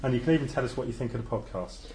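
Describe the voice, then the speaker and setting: A man on a football podcast panel, calmly explaining a fan survey with plenty of fillers. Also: medium pitch, racing, a crowd in the background. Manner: relaxed, explains at length with fillers. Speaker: fanzine editor on a panel. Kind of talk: casual chat. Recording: roomy echo.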